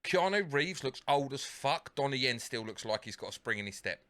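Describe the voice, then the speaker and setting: A man co-hosting a casual podcast, his voice bright and cutting. He rambles through his points with plenty of swearing and false starts. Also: mid-range voice, animated, normal speed. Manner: rambling, sweary, restarts often. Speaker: podcast co-host. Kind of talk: casual chat.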